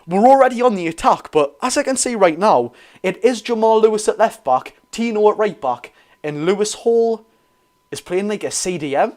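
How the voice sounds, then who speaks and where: A young man with a Geordie accent doing a live football watch-along, chatting to viewers and calling the play excitably. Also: sits high, normal speed. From North East England. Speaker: football fan streamer.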